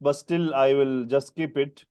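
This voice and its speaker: A man's voice: mid-range voice, fairly even intonation, a little mellow, clear, resonant tone. A male teacher with non-native English, giving a Quran grammar lesson and quizzing students by name. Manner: questioning students by name, explaining terms slowly.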